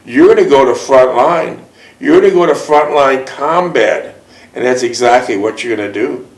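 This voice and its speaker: In a rough, roomy recording, a man with a medium-pitched voice talks at a moderate pace while questioning a veteran and reading from a book. His questions are leading, and he wraps points up emphatically.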